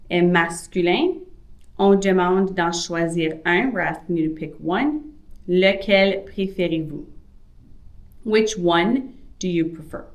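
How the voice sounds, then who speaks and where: Slow, careful woman French teacher. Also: on the low side. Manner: slow, clear, careful enunciation. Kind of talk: language lesson.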